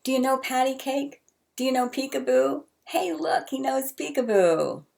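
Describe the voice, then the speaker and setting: A woman voicing a ragged, drunk old homeless man who calls out loudly to a baby across a restaurant. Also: mid-range voice, lively intonation, a little slow, voice pushed up. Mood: excited.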